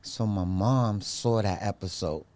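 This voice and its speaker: New man in his fifties telling stories. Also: a little slow. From Brooklyn, New York, of Honduran Garifuna parents. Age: 50s. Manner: animated, acts out quoted voices in a higher pitch. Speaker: guest photographer. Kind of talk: casual storytelling.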